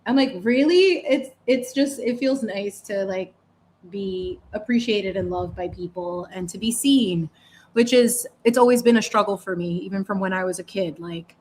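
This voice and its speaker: While painting on a live stream, a young woman with a mid-range voice chats loosely at normal speed. Her talk is expressive and full of laughter and drawn-out words, swinging from warm gratitude toward her viewers to sincere, heartfelt moments.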